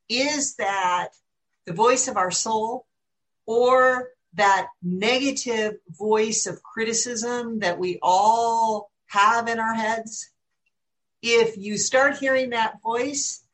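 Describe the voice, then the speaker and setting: A woman hosting a spiritual conversation, stretching out her words in slow, emphatic phrases. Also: fairly high pitch, fairly bright tone, poor audio. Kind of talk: spiritual talk.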